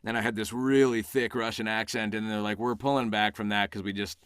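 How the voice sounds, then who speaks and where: A man with a fairly low voice, chatting as the guest on a casual podcast interview. He tells stories animatedly and slips into acted-out quotes of himself and others. The recording is dry and close, with no room echo. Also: a little fast, clear, resonant tone. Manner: animated storyteller who acts out quoted exchanges. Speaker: voice actor guest.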